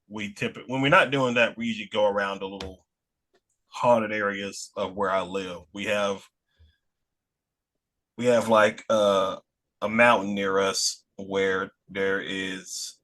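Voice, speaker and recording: A man's voice: fairly low pitch, fairly bright tone. A man from Alabama with a Southern American accent, chatting casually as a podcast guest and rambling with many restarts. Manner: rambling, with frequent restarts and laughs. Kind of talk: casual chat.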